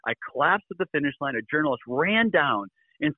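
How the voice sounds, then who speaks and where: A man, a guest in a radio interview, telling a personal story in an animated way and laughing between lines. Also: a little high, quick pace, no room sound, phone-quality sound.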